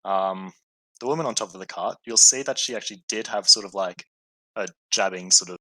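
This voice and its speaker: Bright-voiced man running a tabletop game. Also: deep voice, fairly quick, no room sound, poor audio. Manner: hesitant, many fillers, easygoing. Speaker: game master.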